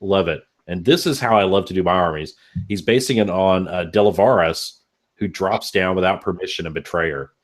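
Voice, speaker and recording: A man's voice: low-pitched, moderate pace. A man from Texas hosting a casual live podcast chat, laid-back and swearing freely. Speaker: podcast host.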